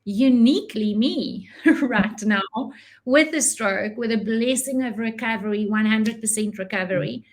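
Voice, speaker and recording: A woman's voice: on the high side, unhurried. A South African woman in her forties with an Afrikaans first language, talking as a guest in a casual interview, reflective and laughing often. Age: 40s.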